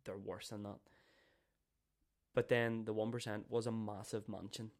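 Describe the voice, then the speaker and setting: A man on a podcast telling stories in casual chat, animated and cursing freely. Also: lowish voice, normal speed. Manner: swears freely, animated storytelling. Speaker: podcast co-host.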